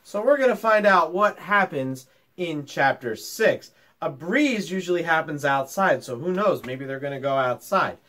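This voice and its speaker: A man's voice: on the high side, normal speed. A male teacher reading a children's chapter book aloud and chatting with his young pupils about it. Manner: animated, talks to children directly.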